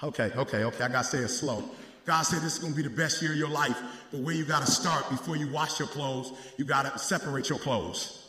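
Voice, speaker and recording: A man preaching with a high, bright, ringing voice that climbs into shouted peaks. He trades call and response with his congregation and drops back to quick, conversational asides. The sound is roomy, with a long hall reverb. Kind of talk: sermon.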